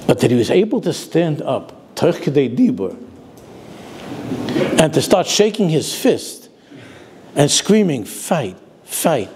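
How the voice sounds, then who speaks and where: A man's voice: on the high side, big pitch swings, a little slow, long pauses, noisy background. An older man, a rabbi giving a sermon, telling stories and dropping Yiddish and Hebrew words into his talk.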